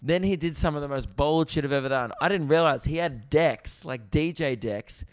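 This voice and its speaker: A young Australian man, a comedian and podcast host, telling stories in an animated, rambling way with plenty of swearing, in a casual chat recorded in a rented apartment. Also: fairly high pitch, moderate pace, no room sound, clean studio sound. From Victoria, Australia.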